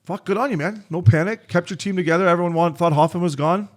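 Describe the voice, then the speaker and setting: A man co-hosting a casual sports podcast, excitable and swearing freely as he breaks down the week's hockey. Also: sits high. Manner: profane, excitable, fast-talking. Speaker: podcast co-host, former junior hockey player.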